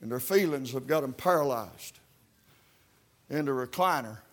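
A man preaching a revival sermon in a Baptist church, fervent and peppered with "uh, uh" as he builds toward shouts. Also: mid-range voice, expressive, normal speed.

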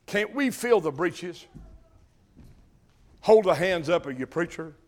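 An older man with a drawl delivers a fiery sermon. His voice sits high and ringing, and he swells to loud emphasis on the words that matter. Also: animated, slow pace. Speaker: pastor.

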